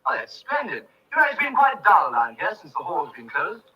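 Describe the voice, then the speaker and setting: An actor playing a genial, sociable naturalist neighbor, in 1930s film acting. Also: male voice, high-pitched, wildly swooping pitch, normal speed, a crowd in the background. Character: genial English naturalist neighbor, smooth host. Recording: distant old film soundtrack, faint hiss.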